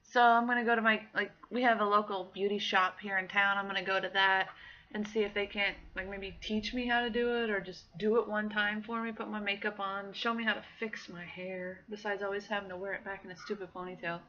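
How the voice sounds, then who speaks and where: A woman's voice: medium pitch, flat delivery, fairly quick, pushed and bright, muffled recording. A woman in her thirties telling personal stories in a casual diary vlog, acting out the voices of people she quotes. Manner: chatty storytelling, acts out quoted voices. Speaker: vlogger.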